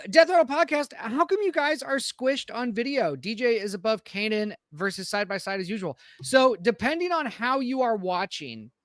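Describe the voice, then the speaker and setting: Upbeat high-voiced man greeting the chat. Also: fairly bright tone, no room sound, studio quality. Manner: rambling with frequent fillers and restarts. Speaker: podcast co-host. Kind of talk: casual live-stream chat.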